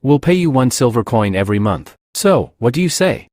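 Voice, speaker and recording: A calm, generous young lord from a comic recap speaks with steady reassurance, as a male narrator reads him. His delivery moves with lively ups and downs, and the voice sounds dry and close. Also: mid-range voice, fairly quick, dry recording, natural voice. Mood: reassuring.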